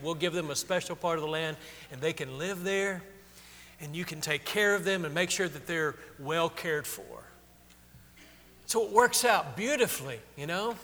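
A man's voice: on the high side, bright, forceful tone, long reverb tail. A man preaching a sermon in a conversational way, acting out the people in the story with rising feeling. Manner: conversational, acts out quotes with rising emotion. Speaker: pastor.

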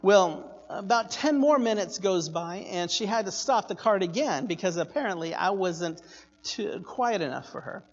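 Man, sermon storytelling, animated, hushed then loud, echoey hall, muffled sound. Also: high voice, normal speed. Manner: animated, swinging from hushed asides to loud excited bursts.

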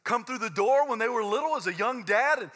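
A middle-aged male pastor preaching with a high, bright, forceful voice. He is intense and conversational, repeats himself and stumbles over restarts, then climbs into loud fervent peaks before dropping back to low, quiet asides. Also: expressive, a little fast. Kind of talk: sermon.

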